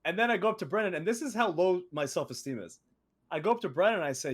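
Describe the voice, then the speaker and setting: A young man co-hosts a casual podcast and tells stories with lots of energy. His voice sits a bit high and swings widely in pitch. He breaks into laughs and acts out quoted voices. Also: lively intonation, fast talker. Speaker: co-host.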